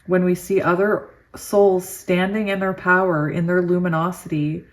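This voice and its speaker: Tarot reader, female, slightly low voice; slow soothing card reading, excitable laughing asides. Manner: giddy and excitable, laughs often. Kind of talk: reading oracle cards aloud with chatty asides.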